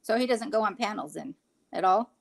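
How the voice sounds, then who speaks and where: A woman's voice: medium pitch, fairly quick, vocal fry. Woman from California, slight Southern lilt, blunt casual chatter. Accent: slight Southern-sounding lilt. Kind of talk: casual chat.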